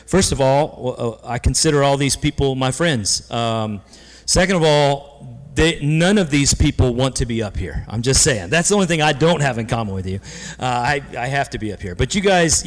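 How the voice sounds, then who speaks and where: A man's voice: fairly high pitch, lively intonation, moderate pace. A man moderating a church panel, telling stories casually and joking, with many restarts. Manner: rambling, full of restarts and jokes. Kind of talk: casual storytelling on stage. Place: church sanctuary. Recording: long church hall reverb.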